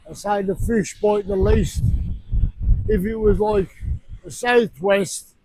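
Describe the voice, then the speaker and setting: A man, talking casually for a fishing vlog in a blunt, sweary, ranting way, outdoors on a beach at night by rough surf. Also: high voice, fairly even intonation, takes it slowly, a little mellow, a little hiss or hum. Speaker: fishing vlogger.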